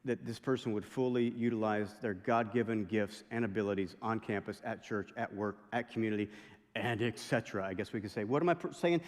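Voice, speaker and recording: A middle-aged male pastor preaching a sermon, telling stories in a lively way with impressions and asides. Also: lowish voice, fairly quick. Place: large chapel hall. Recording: long chapel reverb.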